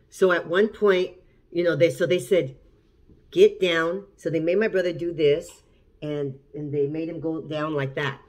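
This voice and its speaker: A woman's voice: low voice, darkish tone. A middle-aged woman, a cooking channel host, casually telling a story to the camera in a chatty way, often repeating and restarting. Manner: chatty, repeats and restarts while recounting events.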